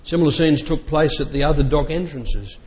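Male reader, measured delivery with casual asides; fairly high voice, long hall reverb. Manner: measured reading voice, breaks off for plain remarks. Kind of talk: reading a memoir aloud with spoken asides. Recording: dull lo-fi sound with long reverb.

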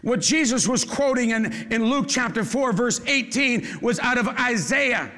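A male pastor preaches with fervor, his voice sitting unusually high and ringing bright. He pushes into shouts and calls on the congregation to answer back. The sermon rolls out in a church sanctuary with a long, echoing reverb. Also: expressive, measured pace. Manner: fervent preaching, rising into shouts, call-and-response with the congregation.

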